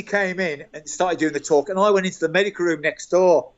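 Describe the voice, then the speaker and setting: A man's voice: sits high, fairly quick, few pauses, slight background noise. An older man with a Birmingham accent, a guest telling football dressing-room anecdotes with chuckles and lots of "mate". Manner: animated storyteller, chuckles through tales, calls people mate. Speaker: guest, former club staff. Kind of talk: anecdotal interview storytelling. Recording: dull lo-fi call audio.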